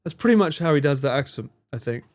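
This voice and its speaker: A man's voice: fairly high pitch, lively intonation, fast talker. A man chatting casually on a live stream, rambling and swearing now and then as he reads out and answers viewers' messages. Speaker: livestreamer reading and answering chat.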